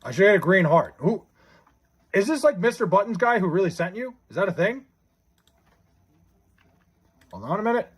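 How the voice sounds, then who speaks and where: A young man hosting a casual livestream, reading chat aloud, excited and stammering, with a husky voice. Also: high voice, moderate pace, long pauses. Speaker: livestream host.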